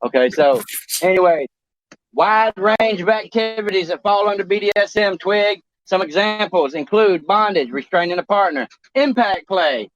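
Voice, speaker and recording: A man co-hosting a talk show in crude casual chat, rambling and halting, swearing often. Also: high-pitched, lively intonation, no echo. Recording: dry, dull lo-fi sound.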